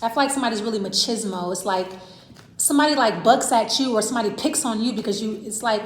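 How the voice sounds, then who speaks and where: A woman's voice: a little high, fast talker, slight background noise. A woman giving a casual tarot reading to camera, rambling and repeating herself as she talks straight to the viewer. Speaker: tarot reader. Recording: roomy echo.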